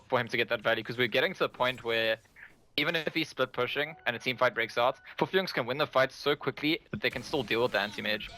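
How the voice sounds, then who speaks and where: Bright-voiced analytical esports caster. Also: male voice, mid-range voice, poor audio. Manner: measured, explanatory, with small stammers. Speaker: esports commentator. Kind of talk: analytical color commentary.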